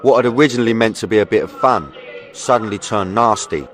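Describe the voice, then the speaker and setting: Brief: male voice-over, lowish pitch, dramatic first-person narration over music. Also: fast talker.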